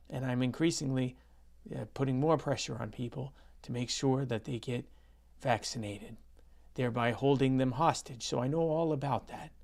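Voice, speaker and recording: A whiny, self-righteous politician in a mocking podcast bit, as a man puts him on. The voice sits higher than his usual and has a gravelly rasp under it. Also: darkish tone. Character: mock prime minister, smug nasal politician man.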